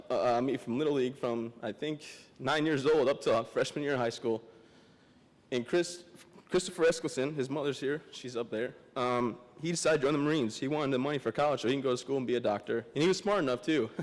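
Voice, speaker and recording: A man's voice: mid-range voice, brisk. Tearful young man speaking in a hall. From Michigan. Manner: emotional, teary, plain-spoken. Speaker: guest speaker. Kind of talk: memorial speech. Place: large hall. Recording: long hall reverb.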